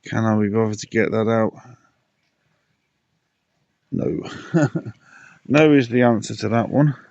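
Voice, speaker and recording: Man, slow unhurried DIY vlogger, winded; dry, close sound. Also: on the low side, gravelly, darkish tone, no echo, highs cut off. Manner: muttering, self-talking while working. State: out of breath. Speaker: pond keeper vlogger. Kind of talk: casual DIY vlog commentary. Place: outdoors by a garden pond.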